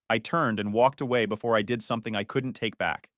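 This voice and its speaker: A man with a mid-range, fairly bright voice tells a dramatic personal story in the first person, speaking a little fast with few pauses. He's emotional and heated, bursting into anger in quoted lines, in clean studio sound without room noise.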